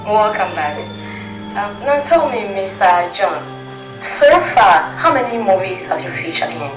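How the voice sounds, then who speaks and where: A woman's voice: medium pitch, lively intonation, measured pace, lightly acted. Casting: a woman playing a formal Ghanaian talk-show host, heard from a distance. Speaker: TV presenter. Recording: roomy audio from afar over music.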